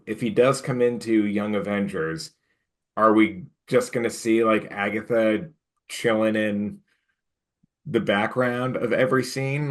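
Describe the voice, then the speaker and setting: A man co-hosting a podcast, chatting casually and getting animated when retelling his reactions. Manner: animated retelling, pitch jumps when quoting himself. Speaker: podcast co-host. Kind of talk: casual chat.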